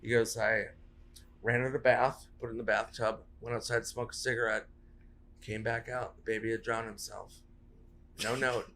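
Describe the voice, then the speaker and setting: A man's voice: mid-range voice, little pitch movement, normal speed, fairly bright tone. A man, a comedian guest on a podcast, rambling through comic stories, swearing and laughing at his own punchlines. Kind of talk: casual podcast chat.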